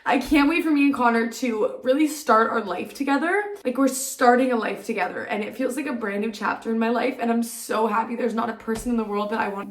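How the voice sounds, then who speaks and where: A woman's voice: a little high, reverberant. A young adult woman vlogger telling a personal story to camera in a gushing, emotional way, full of "like" and "literally". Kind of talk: casual story time to camera.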